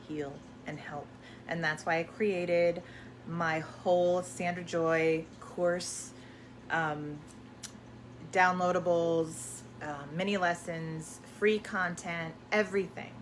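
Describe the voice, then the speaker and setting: A woman's voice: on the low side, steady tone, slow pace, a little hiss or hum. A woman hosting a live question-and-answer stream, talking casually and rambling with many fillers and restarts.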